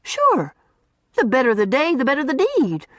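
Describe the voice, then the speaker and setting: A woman's voice: high voice, wildly swooping pitch, moderate pace, dry recording, voice pushed up. Woman voicing scrappy orphan girl Mary. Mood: blunt. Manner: folksy rural slang, bold and scrappy. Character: rough, blunt orphan girl, quick-tempered.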